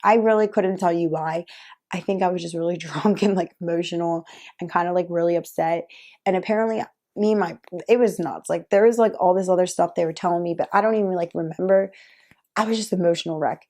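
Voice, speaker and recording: A woman's voice: on the low side, a little fast, dark tone. A young woman telling a personal story to camera in a casual, chatty way, full of "like" fillers and laughs. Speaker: vlogger.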